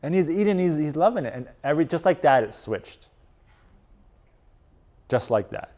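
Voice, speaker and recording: A man coaching a live audience in a casual, animated presentation. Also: fairly high pitch, normal speed. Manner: casual and animated, lots of "like" and "right?". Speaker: strength and performance coach. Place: conference room.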